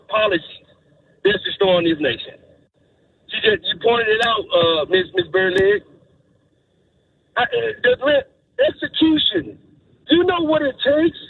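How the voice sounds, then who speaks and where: A man calling into a radio show, making an impassioned, preachy rant and repeating himself as he addresses listeners. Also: very high voice. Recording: tinny phone line with faint hiss.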